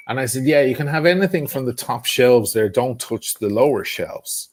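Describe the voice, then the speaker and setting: Profane, animated male storyteller. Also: mid-range voice, moderate pace. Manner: swears freely, animated storytelling. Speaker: guest storyteller. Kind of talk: casual chat.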